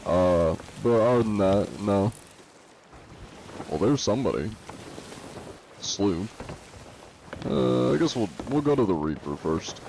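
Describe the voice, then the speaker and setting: A man chats casually through a live gaming stream, reading out viewer comments and tossing back joking answers with the odd chuckle. His voice sits somewhat low and sounds warm and mellow, picked up on a desk mic with a faint hiss of noise underneath. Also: expressive, takes it slowly, gravelly, long pauses. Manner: reads viewer comments aloud and answers them offhandedly. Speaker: live streamer playing a pirate game.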